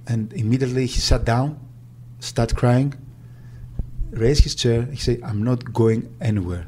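Soft-toned man recalling. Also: mid-range voice, slight background noise. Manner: halting, searching for words. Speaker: agent. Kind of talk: interview recollection.

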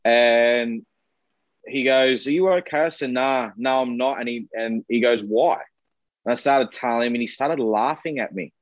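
A man's voice: mid-range voice, fairly even intonation, normal speed, no room sound, highs cut off. A man, a musician speaking candidly as an interview guest, open and earnest, with casual swearing. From Australia.

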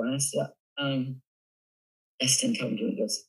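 Older southern guy telling stories, bright husky voice, lots of laughing. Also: medium pitch, brisk, low-quality recording. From Southern United States. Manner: lively storyteller, animated, laughs often. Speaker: guest. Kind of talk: casual storytelling interview.

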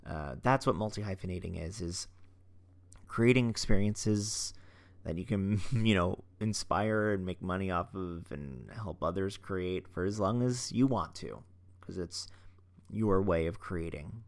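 A man hosts a podcast in a relaxed, chatty way. His voice sits on the low side. He rambles and corrects himself mid-sentence, sounding eager and open. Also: measured pace. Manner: chatty, warm-hearted, rambling with restarts. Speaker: podcast host; photographer. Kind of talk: casual podcast talk.

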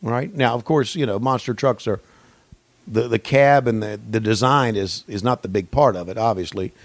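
Gravelly man doing profane mock commentary. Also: moderate pace, no echo. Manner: swings from low mumbling to yelled excitement. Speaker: podcast co-host.

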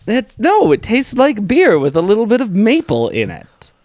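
A man co-hosts a casual podcast, upbeat and quick to laugh. His voice sits fairly high and moves a lot in pitch. The sound is close and dry. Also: wildly swooping pitch, darkish tone, dry recording. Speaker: podcast co-host. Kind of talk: casual chat.

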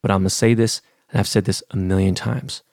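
A man's voice: sits low, steady tone, a little fast, darkish tone, no echo, studio quality. A middle-aged man from Los Angeles hosting a podcast, ranting in a blunt, profane, heated way. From Los Angeles, California. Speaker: podcast host. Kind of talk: casual rant.

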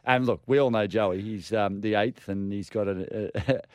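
A man's voice: lowish voice, moderate pace, a little mellow, no echo, studio quality. A man with an Australian accent co-hosting a sports radio show, a former player who laughs easily and chats enthusiastically about old teammates. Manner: laughing, enthusiastic, mate-ish. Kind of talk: casual sports radio chat.

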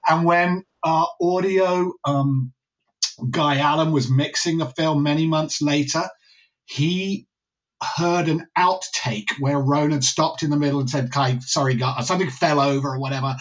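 A man directing a film tells lively behind-the-scenes stories in an interview, often restarting his sentences. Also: fairly high pitch, a little slow, highs cut off. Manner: enthusiastic storyteller, many restarts. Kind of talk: podcast interview anecdote.

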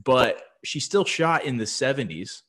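A man's voice: mid-range voice, sing-song, unhurried, fairly bright tone. A man hosting his own podcast in casual chat, easygoing and given to hedging and trailing off. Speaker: podcast host.

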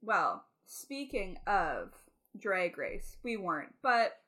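A young woman co-hosting a podcast, reacting playfully with quick quips and laughter in casual chat. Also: mid-range voice, sing-song, pushed and bright. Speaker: podcast co-host.

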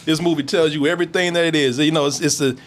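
A man's voice: fairly high pitch, steady tone, quick pace. A man chatting casually about a movie, laughing and swearing as he acts out scenes. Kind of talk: casual movie review chat.

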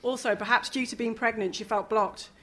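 A woman reading a novel aloud, lively, with casual asides and the odd chuckle. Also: a little high, a little fast. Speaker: reader.

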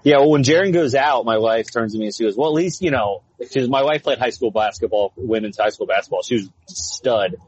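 A man's voice: mid-range voice, fairly quick, few pauses, breathy edge. A man in his thirties co-hosting a casual sports chat, telling stories with lots of fillers and restarts. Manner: rambling, animated storytelling with frequent fillers. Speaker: podcast co-host. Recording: slightly dull lo-fi sound.

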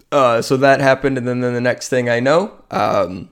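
Alone on his sports podcast, a man speaks in a smooth, medium-pitched voice at normal speed, barely pausing. He rambles casually with many fillers, yawning, sounding tired and poking fun at himself.

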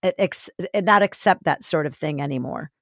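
A woman's voice: sits low, brisk, creaky, no echo, clean studio sound. A woman co-hosting a podcast, chatting casually and agreeably. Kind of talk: casual chat.

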